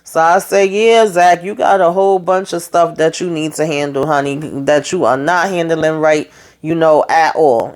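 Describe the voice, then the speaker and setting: A woman's voice: low voice, a little mellow. Blunt woman recapping a TV episode. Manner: retells scenes in quotes, blunt and opinionated. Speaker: TV show recap host.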